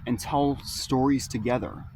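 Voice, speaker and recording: A man sits in an outdoor cemetery at dusk, recording into a phone strapped to his arm. He calls out to spirits in a slow, coaxing voice and breaks off for relaxed asides to his viewers. Faint traffic hums in the background. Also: mid-range voice. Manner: calm, slow, coaxing call-outs mixed with casual asides to viewers. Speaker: paranormal vlogger. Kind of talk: ghost-hunting vlog, calling out to spirits.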